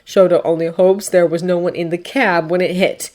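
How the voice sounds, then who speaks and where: A woman narrating fiction as an audiobook, expressive and voicing characters. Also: lowish voice, normal speed. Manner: expressive, acting out voices. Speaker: fanfiction reader.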